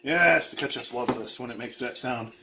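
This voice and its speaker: A man's voice: medium pitch, normal speed, very noisy. Man doing goofy kitchen play-by-play. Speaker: cooking show co-host. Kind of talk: jokey cooking demonstration. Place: home kitchen. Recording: clatter of dishes in a kitchen.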